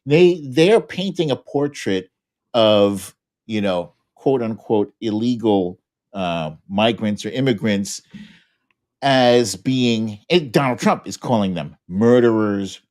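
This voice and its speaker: A man guesting on a casual talk show, talking in an animated way and restarting his phrases often. His pitch swings widely as he makes his points. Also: takes it slowly. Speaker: guest commentator. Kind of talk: casual political chat.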